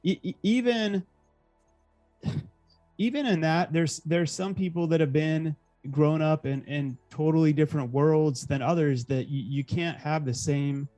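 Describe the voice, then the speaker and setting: A man co-hosting a casual podcast, agreeable and halting, with frequent restarts and dry jokes. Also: fairly high pitch, steady tone, mellow, faint music behind, low-quality recording. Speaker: co-host.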